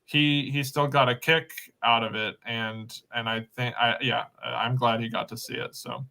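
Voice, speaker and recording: A man in a casual interview, speaking haltingly with many restarts as he recalls showing a film to a friend. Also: medium pitch, flat delivery, vocal fry, sharp tone.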